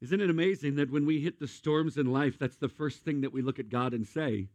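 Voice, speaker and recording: A man preaching a sermon in a lively, conversational way, with jokes and acted-out asides. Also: medium pitch, brisk, no room sound. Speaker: pastor.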